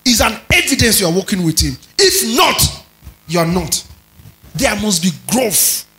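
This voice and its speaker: A man preaching a teaching sermon, stretching and stressing key words, rising to loud emphasis and checking in with his listeners. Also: sits high, sing-song, unhurried, soft background music, poor audio. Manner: checks in with listeners, tells them to underline words.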